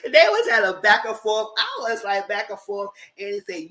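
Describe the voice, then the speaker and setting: A man casually recapping a reality TV show, retelling scenes with animated quoted voices. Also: normal speed, vocal fry, rough recording. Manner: animated retelling, jumps into high squealing voices when quoting others. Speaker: commentator.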